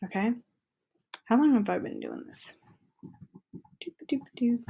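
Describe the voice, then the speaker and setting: A woman's voice: mid-range voice, expressive, normal speed, gravelly, dark tone, husky. A woman teacher reading an article aloud to her students in a chatty, upbeat way with casual asides.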